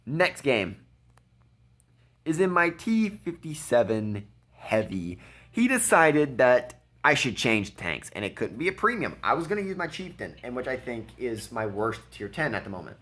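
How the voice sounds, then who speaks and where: A man's voice: mid-range voice, big pitch swings, normal speed, fairly bright tone. A man giving casual, blunt commentary over a gameplay replay, mocking and laughing at his opponent. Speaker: gaming video creator.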